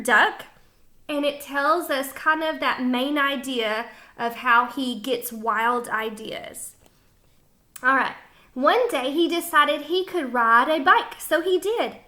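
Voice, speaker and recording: A woman's voice: high-pitched, sharp tone. A woman teacher reading a picture book aloud to children, stopping to explain words and ask them questions. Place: home kitchen.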